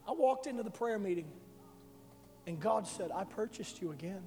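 High-voiced preacher in a reverberant hall. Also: male voice, expressive, moderate pace. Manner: emotional testimony, builds to loud climax. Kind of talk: sermon. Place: church sanctuary. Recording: live hall with reverb and faint music.

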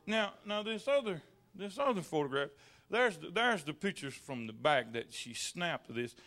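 A preacher man with a high, bright voice that swings widely as he tells his folksy church stories. He stumbles over repeated words, then builds up to fervent peaks. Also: animated, moderate pace. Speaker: pastor. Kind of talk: sermon with personal anecdotes.

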